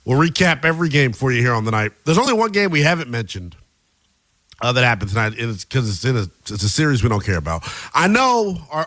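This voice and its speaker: Male sports talk host, casual energetic delivery, dry close mic. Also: medium pitch, fast talker, no room sound. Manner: loose, energetic, conversational with fillers. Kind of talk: late-night sports talk radio.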